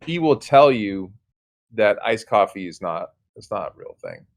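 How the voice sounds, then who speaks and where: A man appearing as a podcast guest, speaking earnestly and warmly inviting the hosts. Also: on the low side, sing-song, measured pace, vocal fry. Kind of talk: casual podcast chat.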